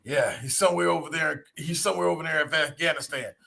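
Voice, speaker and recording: A man in his forties co-hosting a podcast, animated and jokey, repeating himself as he talks. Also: fairly high pitch, fast talker, gravelly. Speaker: podcast co-host. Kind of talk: casual chat.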